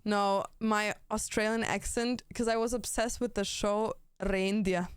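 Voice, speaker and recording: A woman's voice: medium pitch, fairly even intonation, unhurried, clean tone, no echo, studio quality. Crude, rambling young woman streamer. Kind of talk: casual stream chat.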